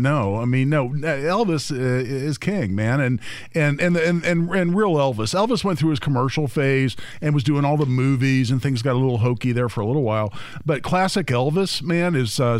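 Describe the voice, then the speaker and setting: A man's voice: medium pitch, no room sound. Man, fill-in radio co-host, emphatic, stammering, dry studio sound. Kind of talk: casual talk-radio banter.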